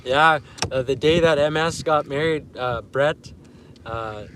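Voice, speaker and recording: This thirty-something fishing streamer sits in a canoe on a lake, casually talking with his viewers, laughing frequently and reading their comments out loud in a laid-back manner. His fairly high voice is slow and a bit bright, with a little hiss or hum in the audio.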